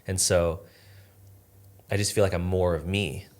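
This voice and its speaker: Low-voiced and steady in tone, a man speaks a little slowly as a guest on a podcast. He shares a personal story in an earnest, reflective, casual way, leaning often on "like".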